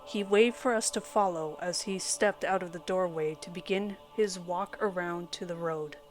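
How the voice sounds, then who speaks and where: A woman narrating a first-person horror story in a dramatic, measured storytelling manner. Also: lowish voice. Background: soft background music.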